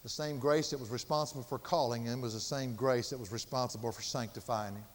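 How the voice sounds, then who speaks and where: An older man preaching a sermon with passion, swinging from loud emphasis to hushed, quiet tones. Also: mid-range voice, steady tone, fairly quick, long reverb tail. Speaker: pastor.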